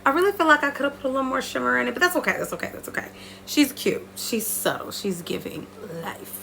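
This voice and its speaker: A woman talking viewers through her makeup in a playful, chatty tutorial, breaking into high squeals now and then. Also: fast talker, gravelly, noisy background. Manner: lively, playful, talks straight to viewers. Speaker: beauty vlogger.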